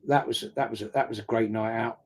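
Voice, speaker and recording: A man in his sixties, rambling through a casual live-stream chat and reading out viewer comments, often repeating himself and pausing with ums. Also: mid-range voice, steady tone, breathy edge.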